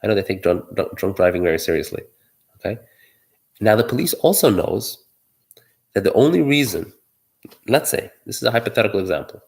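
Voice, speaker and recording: A man's voice: lowish voice, sing-song, fairly quick, pauses often, darkish tone. A man giving solo political commentary, arguing his point while thinking aloud, with many fillers and restarts.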